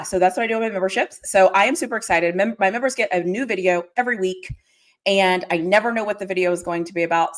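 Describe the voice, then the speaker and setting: A young adult woman hosting a casual livestream, chatting excitedly and greeting viewers with bursts of squeals. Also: lowish voice. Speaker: livestream host.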